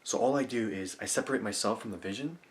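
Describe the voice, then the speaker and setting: A man talking to camera, walking viewers through a visualization technique, murmuring affirmations softly and explaining in eager, rambling bursts. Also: fairly low pitch, fast. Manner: drops to soft, murmured affirmations, laughing often. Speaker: self-help vlogger. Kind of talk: guided visualization demonstration to camera. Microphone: camera mic.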